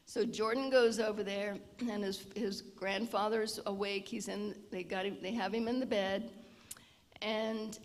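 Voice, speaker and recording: A woman giving an informal lecture with storytelling, often clearing her throat. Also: medium pitch, fairly even intonation, unhurried. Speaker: health presenter at a seniors' event. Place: church hall. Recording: long reverb of a large hall.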